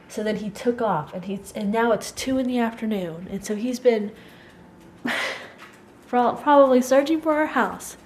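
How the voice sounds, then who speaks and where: A woman vlogger talking to camera at home with a fairly high voice, rambling and giggly as she tells her story. She sounds openly emotional, with a faint hum of noise behind her. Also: a little mellow. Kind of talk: casual chat to camera.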